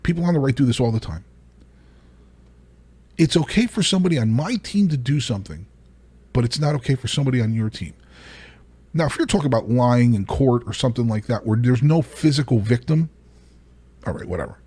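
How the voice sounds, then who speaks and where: A man hosting his own podcast, talking alone in an animated, exasperated way, often restarting his sentences and laughing between points. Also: mid-range voice, a little fast, pauses often, breathy edge. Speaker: podcast host. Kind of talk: solo commentary monologue.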